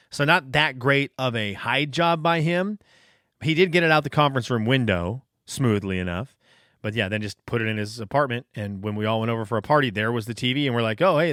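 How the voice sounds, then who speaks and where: A man hosting his own podcast, telling stories in a casual, animated, self-deprecating way. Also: mid-range voice, no room sound, clean studio sound. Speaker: podcast host. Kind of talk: casual storytelling monologue.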